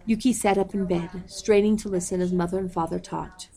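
Gravelly, low-voiced woman reading a story. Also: steady tone, warm tone. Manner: measured, reads page numbers aloud. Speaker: audiobook reader. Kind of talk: storybook read-aloud.

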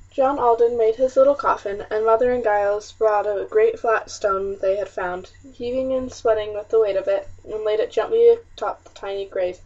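A woman narrating a historical novel in the first person with a measured, expressive reading, on a muffled, slightly distant recording. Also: mid-range voice. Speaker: audiobook narrator.

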